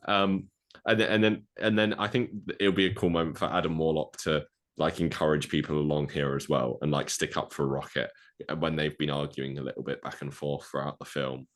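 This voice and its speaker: A man co-hosting a podcast, rambling through a movie plot pitch with lots of fillers and acted-out quotes. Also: flat delivery, moderate pace. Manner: rambling, filler-heavy, acts out quoted lines. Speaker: podcast co-host.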